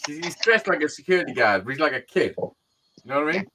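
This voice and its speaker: Man, slightly high voice, animated storyteller, casual swearing, video call. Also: quick pace, heavy background noise. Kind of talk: casual banter on a live stream.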